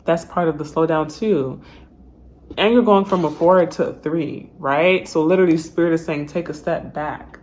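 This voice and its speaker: A woman's voice: deep voice, moderate pace, a little mellow. A woman giving a casual tarot reading straight to her viewers, chatty and full of slang. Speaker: tarot reader.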